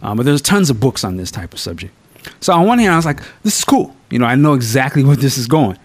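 A man hosting a podcast, reviewing a film in casual, slangy, profane chat with animated storytelling. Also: medium pitch, quick pace, no echo. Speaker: podcast host.

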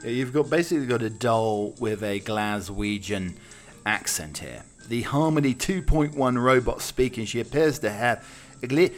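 A man's voice: mid-range voice, expressive, normal speed. British male host, casual and wry, mid-range voice, faint music bed. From United Kingdom. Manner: chatty, wry, with many fillers. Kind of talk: casual chat.

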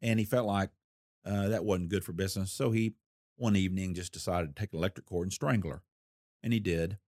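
A man's voice: deep voice, steady tone, a little mellow, no room sound, clean studio sound. Older man spinning a folksy true-crime tale. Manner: folksy, unhurried storyteller with a wry laugh. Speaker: retired federal investigator recounting a case. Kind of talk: storytelling interview.

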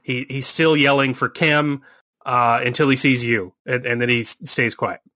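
A man's voice: medium pitch, fairly even intonation, moderate pace, pushed and bright. A man narrating a tabletop horror game as game master, with rambling, hesitant descriptions.

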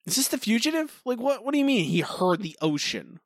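A man's voice: very high voice, big pitch swings, a little fast, no echo, clean studio sound. Exasperated ranting man on a podcast. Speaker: podcast co-host. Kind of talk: casual episode review chat.

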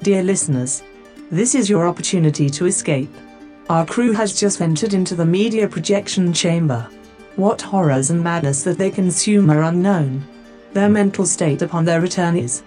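A man's voice: high-pitched, moderate pace, mellow, pitched above the performer's own voice, lightly acted. A man voicing an ominous announcer who warns listeners in a dramatic, portentous tone. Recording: faint music behind.

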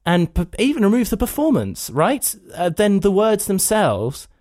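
A man's voice: sits high, huge pitch swings, moderate pace, a little mellow, no room sound, clean studio sound. A man hosting a podcast, chatting casually and with a wry, joking manner. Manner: wry and jokey. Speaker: podcast host. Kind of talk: casual chat.

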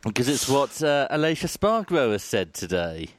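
A man's voice: mid-range voice, very animated, normal speed, noisy background. A man presenting news on a motorsport radio podcast, reading out quotes playfully in casual chat.

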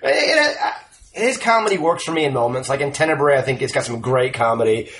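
A man's voice: mid-range voice, lively intonation, brisk, fairly bright tone. A man casually discussing films on a podcast, rambling and enthusiastic, swearing now and then. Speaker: podcast co-host.

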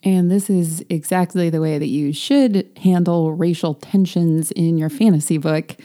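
Low-voiced woman chatting about books. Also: unhurried. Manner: animated, laughs often, mocking quotes. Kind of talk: casual book discussion.

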